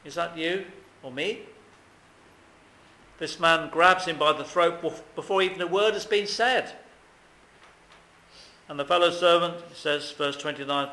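A man's voice: on the high side, measured pace, pauses often, bright, forceful tone, reverberant, poor audio. A man preaching a sermon, earnest and emphatic, often asking questions of his listeners.

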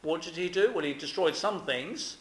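A man preaching a sermon, earnest and emphatic, pressing his points with rhetorical questions. His voice sits a little higher than most men's. The sound carries a noticeable echo, as if from a church or hall. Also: animated, moderate pace, a bit bright. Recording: echoey room.

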